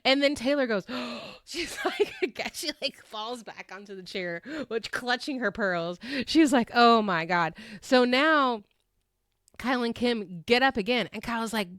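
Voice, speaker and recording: This young podcaster's voice sits a little high and moves at a measured pace as she recaps a reality show, animated and frequently laughing while acting out quotes. The studio sound is clean with no echo.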